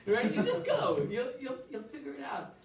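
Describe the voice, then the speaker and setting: A man teaching an informal Torah class in a synagogue hall, animated and full of rhetorical questions, with Hebrew phrases mixed in. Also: very high-pitched, moderate pace, creaky, crowd noise. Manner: mixes in quoted Hebrew phrases. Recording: roomy hall, distant mic, faint ambience.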